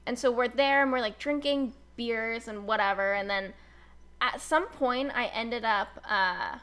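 A woman's voice: fairly high pitch, unhurried, clean tone. A woman in her twenties telling a personal story in casual chat, full of "like" fillers, acting out the voices of people she quotes. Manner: chatty, fillers like "like", animated retelling with quoted voices.

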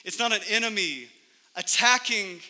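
A man preaching a sermon as pastor, emphatic, swinging between loud peaks and hushed drops. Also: high voice, normal speed. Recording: long hall reverb.

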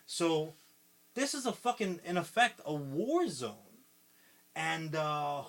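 Podcast co-host, male, slightly high voice, animated storyteller who swears freely. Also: slow, gravelly. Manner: animated, swears often, retells plots. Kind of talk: casual chat.

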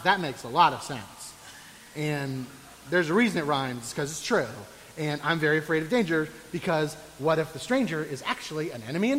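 A man's voice: high voice, fairly bright tone, long reverb tail, rough recording. A man preaching a sermon with a sarcastic, mock-complaining edge before turning earnest. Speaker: pastor.

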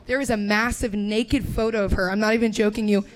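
A young stand-up comedian from Indiana, USA, speaks fairly quickly in a mid-range voice with a steady tone. She does crude, laughing crowd work with the audience on a club stage, recorded live amid crowd laughter.

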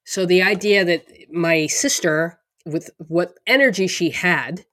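Halting middle-aged woman, low dry voice. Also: a bit bright, no echo. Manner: halting, many restarts, laughs through hard moments. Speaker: podcast co-host. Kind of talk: casual conversation.

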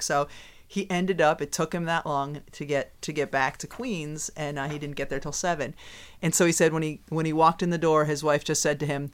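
A middle-aged woman co-hosting a podcast, telling stories in a lively, laughing way. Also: sits low, brisk. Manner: animated storyteller, laughs often. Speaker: podcast co-host. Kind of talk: casual chat.

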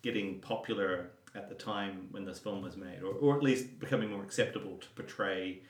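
A man co-hosting a podcast, chatting casually and digressively about a film, quick to laugh. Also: deep voice. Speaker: podcast co-host. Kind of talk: casual film review chat. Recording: roomy, distant mic.

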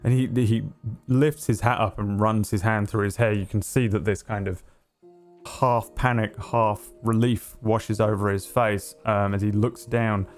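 A man narrating as game master for a tabletop game, halting with many pauses. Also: lowish voice, fairly even intonation, faint music behind. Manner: halting, full of ums and uhs.

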